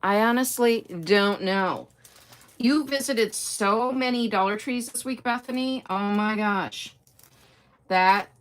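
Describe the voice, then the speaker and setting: A woman's voice: mid-range voice, takes it slowly. A middle-aged woman chatting casually on a live stream, greeting viewers by name and trailing off with fillers. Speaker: livestream host.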